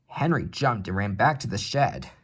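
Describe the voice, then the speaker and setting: A man reads a storybook aloud, husky and lively in pitch. His delivery is measured and expressive, carrying the listener through the tale. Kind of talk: storybook reading.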